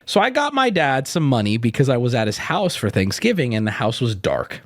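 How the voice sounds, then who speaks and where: A man's voice: medium pitch, brisk, dry recording, clean studio sound. A man streaming, telling stories in casual chat with lots of swearing. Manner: animated, profane storytelling.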